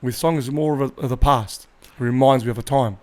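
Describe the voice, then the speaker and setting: A man's voice: medium pitch, brisk. A man with an ordinary mid-range voice chats on a podcast. He talks in an easygoing way, often adding "you know?" to his points. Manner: easygoing, tag questions, fillers. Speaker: podcast co-host. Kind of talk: casual chat.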